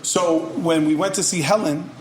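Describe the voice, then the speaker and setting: A man telling stories as a guest rapper in a podcast interview, energetic and profane. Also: a little high, moderate pace, a little hiss or hum.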